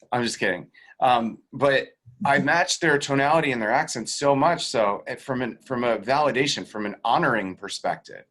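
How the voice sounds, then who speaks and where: A man with an ordinary mid-pitched voice explains sales technique as an interview guest. He tells stories in a loose, conversational way. He acts out the other people in them and drops in the odd swear word. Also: moderate pace. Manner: animated storyteller who acts out quoted voices; swears casually and laughs between points. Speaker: guest real estate sales coach. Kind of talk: casual interview teaching.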